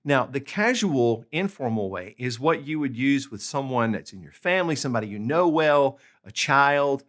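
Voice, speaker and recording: Male tutor, mid-pitched, patient explainer, steady instructional delivery. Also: normal speed. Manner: patient, repeats checks like "okay?" and "all right?". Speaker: language tutor. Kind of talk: instructional video lesson.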